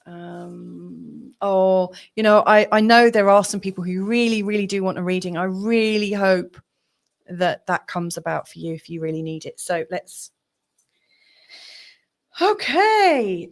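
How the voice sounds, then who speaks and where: With a mid-range voice, a woman hosts a live-streamed astrology reading. She's chatty and rambling, using plenty of fillers while staying sympathetic and encouraging toward her viewers.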